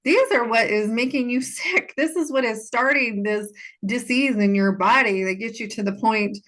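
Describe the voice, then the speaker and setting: A woman's voice: fairly high pitch, moderate pace, a bit bright. A woman hosting a solo podcast, talking earnestly and casually about healing, repeating phrases for emphasis. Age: adult. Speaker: podcast host and healing coach.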